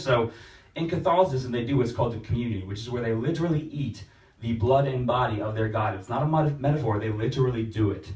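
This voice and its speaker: A young man performing a stand-up set with deadpan storytelling that breaks into exaggerated voices. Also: medium pitch, quick pace. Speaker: stand-up comedian. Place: small open-mic room. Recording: roomy, distant phone livestream.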